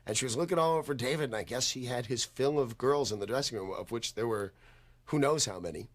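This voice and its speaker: A man's voice: mid-range voice, fast talker. A man with a mid-range voice tells a comedic story in a wry way, timing his punchlines. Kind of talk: comedic anecdote.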